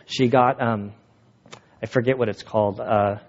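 Man giving a sermon, mid-pitched voice, casual halting storytelling, slightly dull recording. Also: steady tone. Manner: casual storytelling with many fillers and restarts; reads a passage aloud while holding back tears. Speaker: pastor.

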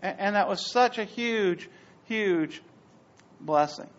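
A man's voice: high-pitched, slow pace. A middle-aged man preaching a sermon as pastor, telling stories with asides. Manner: animated storytelling with asides. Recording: dull lo-fi sound.

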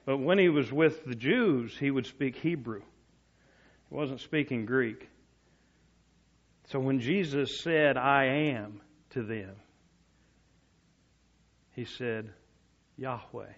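A male preacher delivering a storytelling sermon, dropping to soft, low tones for quoted words. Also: takes it slowly, pauses often, highs cut off.

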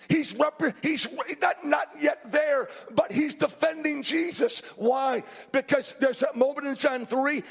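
High, gravelly preacher with a husky edge. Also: male voice. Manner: fervent preaching, swinging between hushed and shouted passages. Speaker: pastor. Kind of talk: sermon. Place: restaurant hosting a Sunday service. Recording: long reverb in a large room.

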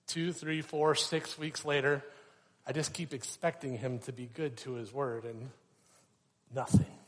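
A young man preaching a sermon, telling a personal story with animated, acted-out quotes. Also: medium pitch, measured pace, slight background noise. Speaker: pastor. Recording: reverberant hall.

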